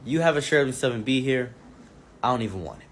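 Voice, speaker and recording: A man casually telling wild personal stories, animated and exaggerated, swinging between mumbled asides and excited outbursts. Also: mid-range voice, fast talker. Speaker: commentary streamer. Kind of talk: casual storytelling.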